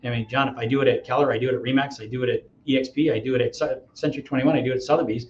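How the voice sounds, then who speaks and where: A lively middle-aged man talks as an interview guest, a touch high-voiced and eager to persuade. His voice rings in a roomy space. The audio is dull and carries a faint hiss behind him. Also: rapid-fire. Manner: energetic, acts out dialogues, persuasive. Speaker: real estate agent, podcast guest. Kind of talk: interview storytelling.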